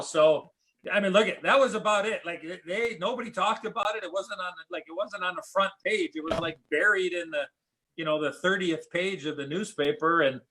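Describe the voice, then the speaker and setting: A high-pitched, pushed and bright male voice belongs to a middle-aged American who used to play hockey. As a podcast guest at a moderate pace, he tells casual stories, meandering with many fillers and restarts.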